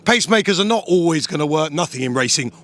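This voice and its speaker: A man's voice: a little high, animated, fast, a bit bright. A man chatting as a guest outdoors at a racecourse, wry and teasing, with blunt opinions. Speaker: racing presenter guest. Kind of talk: casual chat.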